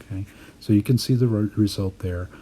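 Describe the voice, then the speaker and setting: A man with a very low, mellow voice talks through a poetry lesson in a voice-over. He explains his work in a thoughtful, measured way, like a writing teacher walking a class through drafts. A faint hiss of noise sits under his voice.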